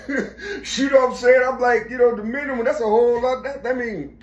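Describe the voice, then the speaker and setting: A man's voice: very high voice, moderate pace. A middle-aged man telling a rambling, profane personal story, repeating himself and searching for the right words, recorded in an echoey room. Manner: profane, repetitive, searching for words, keeps saying "you see".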